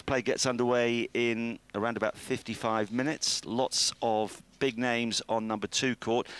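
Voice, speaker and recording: A man with a fairly low voice hosts a sports radio show. He reads through the day's schedule at a brisk clip and keeps things light with jokes for his co-hosts. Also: fairly bright tone. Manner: brisk, jokey, reels off schedules. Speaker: radio presenter. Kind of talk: sports radio chat and preview.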